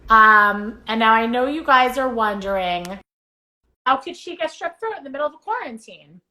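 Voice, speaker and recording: Bright, chatty woman hosting a live chat. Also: fairly high pitch, moderate pace, low-quality recording. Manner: chatty and animated, swears casually. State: recovering from strep throat. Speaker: host. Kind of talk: casual livestream chat.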